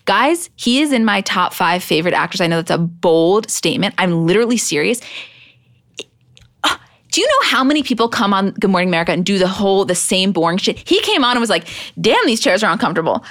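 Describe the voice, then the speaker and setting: A young adult woman co-hosting a casual pop culture podcast, animated and emphatic, swearing casually. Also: mid-range voice, fairly quick, no room sound, studio quality. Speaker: podcast co-host.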